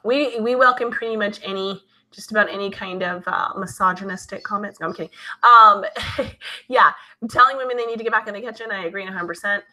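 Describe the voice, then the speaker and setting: A woman's voice: mid-range voice, a little fast, bright, forceful tone. A woman hosting a live stream, reading viewer comments aloud and answering them in a chatty, conversational way. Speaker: livestream host reading viewer chat. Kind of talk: casual live-stream chat.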